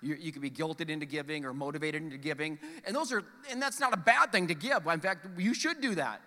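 A man in his forties preaching a sermon to his congregation, animated and joking, acting out the voices in his stories. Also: on the high side, fast. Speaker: pastor. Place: church sanctuary. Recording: long hall reverb from church sanctuary.

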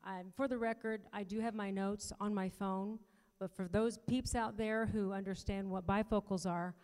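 A woman's voice: mid-range voice, steady tone, normal speed, a little mellow. A middle-aged woman giving a sermon talk at a church panel, chatty with joking asides to the audience. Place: church auditorium. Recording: long reverb of a large hall.

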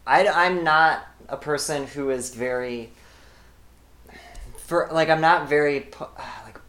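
A woman's voice: low-pitched, unhurried, a bit bright, roomy sound. A woman guest on a podcast, telling a candid story in casual chat and joking as she goes. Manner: candid, joking, trails off and restarts.

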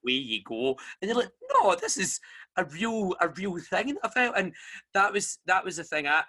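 A Scottish man hosting a casual chat, telling a story with lively energy and acting out the voices of the people he quotes. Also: high-pitched, moderate pace.

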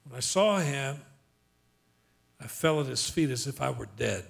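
A male pastor preaching a sermon, slowing down to read scripture dramatically and calling on the congregation to repeat after him. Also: mid-range voice, animated, vocal fry. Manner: emphatic preaching, calls on the congregation to repeat lines; slows for dramatic scripture reading.

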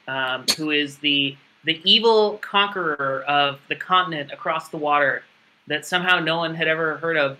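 Man, casual podcast recapper, bright forward tone, rambling and wry. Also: fairly high pitch, low-quality recording. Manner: rambling, sarcastic, profane recap with many fillers. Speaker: podcast co-host recapping a game story. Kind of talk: casual chat.

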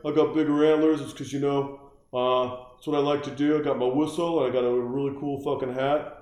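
A man's voice: mid-range voice, level tone, fairly quick, a little mellow, roomy sound, close to an everyday voice. A man voicing a laid-back, bro-ish reindeer coach in easygoing dude talk.

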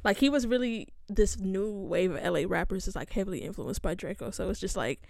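A woman's voice: medium pitch, animated, brisk, gravelly, darkish tone, no room sound, studio quality. A woman co-hosting a casual chat podcast, talking hesitantly and searching for words. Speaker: podcast co-host.

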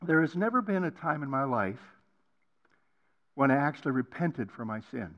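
An older man preaching a personal testimony on a college campus, swinging between hushed passages and loud emphatic ones. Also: medium pitch, very animated, normal speed. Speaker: guest preacher.

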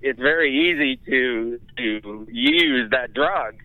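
A man's voice: mid-range voice, wildly swooping pitch, slow, vocal fry, no echo, narrow, tinny audio. A man guest telling a candid, self-mocking personal story in casual conversation.

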